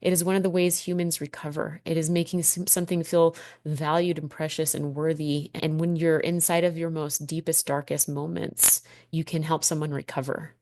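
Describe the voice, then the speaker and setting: A woman's voice: sits low, little pitch movement, moderate pace, few pauses, a little mellow, dry recording, clean studio sound. A woman in her thirties hosting a personal podcast monologue, candid and heartfelt, swearing freely as she reflects. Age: 30s. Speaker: podcast host.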